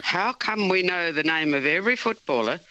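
A woman calling in to talkback radio, brisk and emphatic. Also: lowish voice, lively intonation, bright, forceful tone, highs cut off. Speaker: caller.

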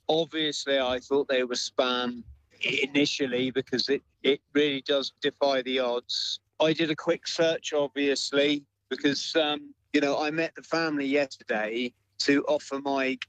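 A man being interviewed about a mountaineering expedition, speaking in a measured way with fillers and pauses. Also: medium pitch, a bit bright, dry recording, low-quality recording. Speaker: mountaineer guest. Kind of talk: remote interview answers.

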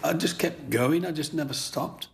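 An older man, recounting his childhood memories in an interview as an animated storyteller. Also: fairly high pitch, moderate pace, gravelly. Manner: animated storyteller who acts out other people's voices.

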